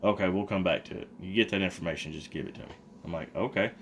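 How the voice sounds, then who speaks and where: A man with a somewhat low voice tells a personal story in a relaxed, casual way. He gets animated and acts out what other people said. A faint hum of room noise sits behind him. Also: quick pace. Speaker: vlogger.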